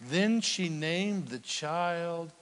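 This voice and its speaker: A male pastor preaching a sermon, swinging from loud outbursts to near whispers. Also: on the high side, animated, drawn-out words. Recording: long hall reverb.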